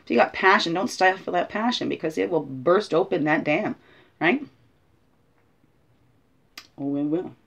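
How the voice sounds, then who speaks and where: Low-voiced woman musing aloud as a spiritual guide. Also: expressive, measured pace, creaky, long pauses, fairly bright tone. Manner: tags many sentences with "right?". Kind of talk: casual reflective teaching talk.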